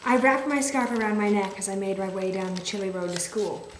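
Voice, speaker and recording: Reading her story to a small group in an echoey room with faint noise, this writing group member laughs at the dramatic passages and keeps a playful tone. She speaks a little fast in a mid-range voice with fairly even intonation.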